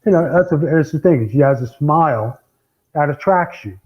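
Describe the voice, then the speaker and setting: A man's voice: a little high, expressive, normal speed, slightly rough. A man co-hosting a casual podcast, talking bluntly and sharing strong opinions. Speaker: podcast co-host. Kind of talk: casual banter. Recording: dull lo-fi sound.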